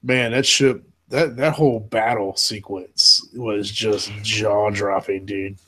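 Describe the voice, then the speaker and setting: A man with a North Carolina Southern accent hosting a casual live reaction chat, excitable and laughing often, tripping over his words. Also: fairly low pitch, takes it slowly, a little hiss or hum, low-quality recording. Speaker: host.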